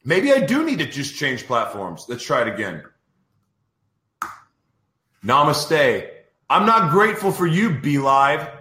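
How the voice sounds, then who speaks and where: A man's voice: a little high, big pitch swings, unhurried, pauses often, sharp tone, roomy sound, slight background noise. A man hosting a podcast in a casual live-stream chat, exasperated and ranting over technical trouble. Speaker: podcast host.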